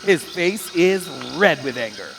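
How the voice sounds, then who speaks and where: A man narrating the stage directions at a live staged reading on a theater stage, lively and playful. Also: on the high side, unhurried, heavy background noise.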